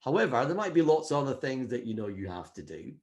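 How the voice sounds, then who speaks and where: A man's voice: medium pitch, quick pace. Guy giving a pumped-up motivational talk, middle-of-the-road voice, acts out little voices in his head. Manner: energetic, acts out quoted inner voices. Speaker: speaker at a wellbeing summit.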